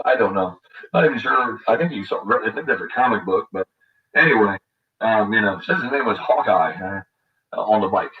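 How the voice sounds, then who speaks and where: Older male host, low voice, rambling and crude, recorded a bit distant on dull lo-fi audio. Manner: rambling, crude and bitter, many fillers and restarts. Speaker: radio show host. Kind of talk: rambling monologue. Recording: dull lo-fi audio, voice set back from the mic.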